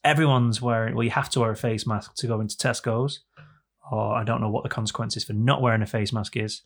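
A man's voice: mid-range voice, steady tone, fairly quick, breathy edge. A young man co-hosting a podcast in a jokey, rambling chat with playful repetition. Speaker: podcast co-host. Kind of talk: casual chat.

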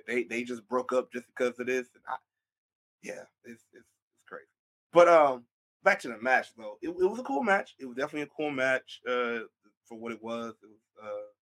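A young man hosting a casual wrestling recap, excitable and animated, often repeating his words. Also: medium pitch.

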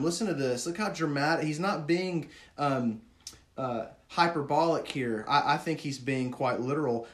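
A man preaches earnestly, putting questions to his congregation. Whenever he speaks of grief, he lowers his voice to a quiet hush.

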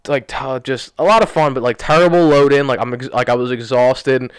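A man's voice: medium pitch, clean tone, dry recording. A young man co-hosting a podcast, rambling through a story in casual chat and leaning on "like" as he retells it. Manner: rambling, fast, lots of "like", animated retelling. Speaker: podcast co-host. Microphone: studio podcast mic.

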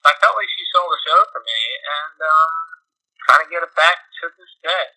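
A man's voice: a little high, brisk, sharp tone, rough recording. A man from New York telling a long story in casual chat, rambling, losing his thread and making fun of himself. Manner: rambling, self-deprecating, loses his thread. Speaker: podcast co-host.

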